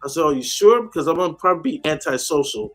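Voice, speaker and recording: A man's voice: on the high side, expressive, fast, soft background music. A man chatting casually on a call-in show, telling a story animatedly and acting out the people he quotes. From United States.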